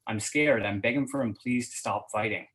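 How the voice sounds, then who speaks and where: A man reading first-person fiction aloud at a reading event in a steady voice, hesitant and full of fillers when he chats. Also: medium pitch, moderate pace, rough recording. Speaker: guest reader.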